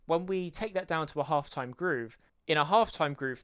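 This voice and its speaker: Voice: medium pitch, normal speed, a bit bright, smooth. A video creator explaining music theory in a lesson, counting beats aloud and singing rhythms to show them. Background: faint music playing.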